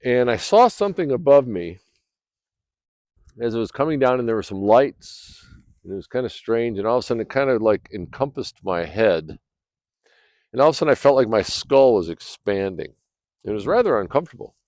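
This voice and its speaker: A man telling a personal story in a rambling, casual way, clearing his throat often, recorded outdoors by a fire. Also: medium pitch, big pitch swings, fairly quick, darkish tone, dry recording. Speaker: vlogger.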